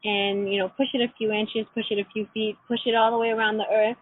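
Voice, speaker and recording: A middle-aged woman leading an online class, telling personal stories in a gentle, reflective way. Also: medium pitch, level tone, quick pace. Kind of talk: teleclass lesson with personal stories. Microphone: phone or computer call. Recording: tinny phone line.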